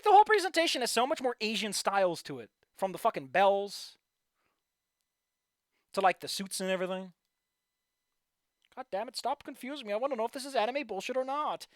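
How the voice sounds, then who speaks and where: Male streamer, profane and animated; bright tense tone, dry close-miked sound. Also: high voice, moderate pace, long pauses, no echo. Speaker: streamer playing a visual novel. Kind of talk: casual let's-play commentary and reading.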